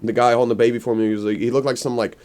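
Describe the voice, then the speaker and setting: A man's voice: mid-range voice, flat delivery, rapid-fire, darkish tone, clean tone. Rambling young man telling a story. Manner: rambling storyteller, heavy on filler "like", laughs often. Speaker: podcast host. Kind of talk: casual chat.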